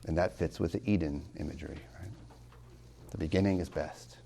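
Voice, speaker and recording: Deep, gravelly man lecturing on poetry. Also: fairly even intonation, warm tone, slight background noise. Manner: emphatic, with rhetorical questions; slows down to stress key words. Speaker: college tutor lecturing.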